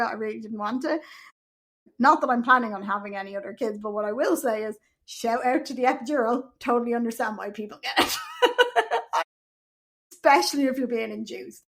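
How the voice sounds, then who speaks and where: A woman's voice: a little high, vocal fry. Candid Irish woman, raised voice. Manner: blunt, frank, swears freely. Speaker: podcast host. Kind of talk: candid personal storytelling.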